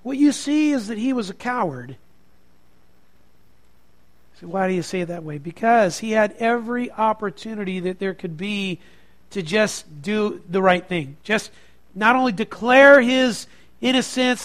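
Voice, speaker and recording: A man preaching a sermon to a congregation, moving from quiet reflection to loud, emphatic passages. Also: sits high, lively intonation, measured pace. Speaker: pastor.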